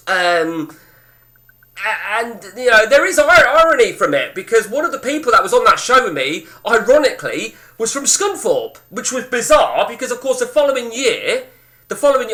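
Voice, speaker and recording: A man's voice: high voice, bright, forceful tone. A man, telling a rambling, sweary story to his chat as a game streamer.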